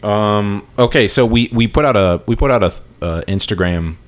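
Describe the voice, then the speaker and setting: A man co-hosting a podcast in relaxed, chummy casual chat. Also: lowish voice, moderate pace. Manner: laid-back, chummy, says dude a lot. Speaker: podcast co-host.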